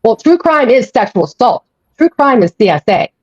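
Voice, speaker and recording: A woman rants hard on a live stream, swearing and hammering the same points again and again. Her voice sits high and swings up and down a lot. The sound is dry and dull, like lo-fi audio. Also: very animated, normal speed, husky, no echo. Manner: angry, profane, repeats herself. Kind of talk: heated live-stream rant.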